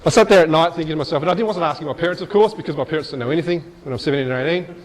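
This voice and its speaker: A middle-aged man giving a motivational speech, telling a personal story in a lively, chatty way with asides. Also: on the high side, very fast, poor audio. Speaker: motivational speaker.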